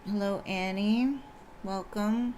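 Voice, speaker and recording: A woman with a slightly scratchy voice chats unhurriedly on a live stream as a tarot reader. She greets each viewer in turn in a relaxed, chatty way, with faint ambient noise behind her. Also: medium pitch, takes it slowly. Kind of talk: casual live-stream chat.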